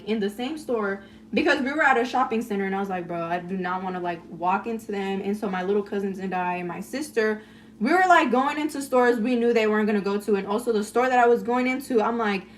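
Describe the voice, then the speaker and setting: A woman's voice: fairly high pitch, recorded from a distance, a little hiss or hum. A woman chatting casually on a phone livestream, rambling through a story full of "like" and swearing while baking in her kitchen. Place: home kitchen, baking cookies.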